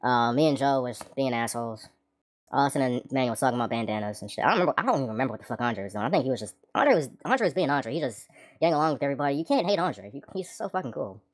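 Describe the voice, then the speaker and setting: A low-voiced woman rattles through a story at speed, swearing constantly and wandering off into joking asides. Her delivery is casual and rambling, like a vlogger talking straight to the camera. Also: expressive, racing.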